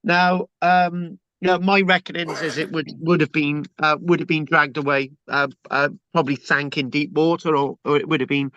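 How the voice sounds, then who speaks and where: A man's voice: on the high side, fairly even intonation, moderate pace, hardly any pauses, a bit bright, dry recording. A man gives a casual, rambling history talk with many fillers and jokes. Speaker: local historian presenter. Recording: dull lo-fi dry recording.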